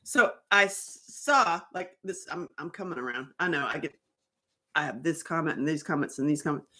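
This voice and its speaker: A woman talking casually to her viewers about healing, rambling and animated, often breaking off mid-sentence. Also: deep voice, moderate pace. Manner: rambling, animated, self-interrupting. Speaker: author and survivor advocate. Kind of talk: casual livestream talk.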